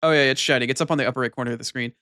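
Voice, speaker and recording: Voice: mid-range voice, steady tone, very fast, sharp tone, dry recording, clean studio sound. Swearing, rambling game streamer. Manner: rambling, profane and self-deprecating. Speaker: gaming streamer. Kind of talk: casual let's-play commentary. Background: game music.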